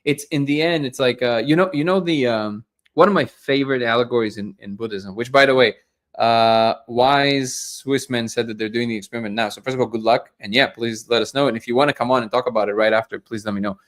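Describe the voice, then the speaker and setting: A man's voice: medium pitch, brisk. Earnest, reflective male talk-show host. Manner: earnest and reflective, repeats words as he gathers thoughts. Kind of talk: casual live discussion.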